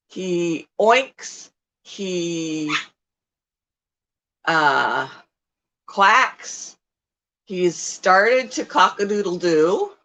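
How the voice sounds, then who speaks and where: A woman's voice: fairly low pitch, lively intonation, very slow, long pauses, fairly bright tone, low-quality recording. A middle-aged woman hosting a casual livestream, chatting in a rambling way with frequent ums as she talks about her pets. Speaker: livestream host and pet keeper.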